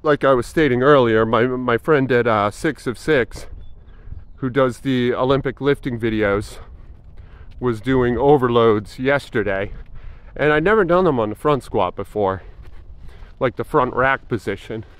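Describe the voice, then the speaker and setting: A man's voice: mid-range voice, a little slow, clear, resonant tone, no echo. A man in his forties talking casually in a fitness vlog, thinking aloud with frequent fillers and restarts. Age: 40s. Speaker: fitness vlogger.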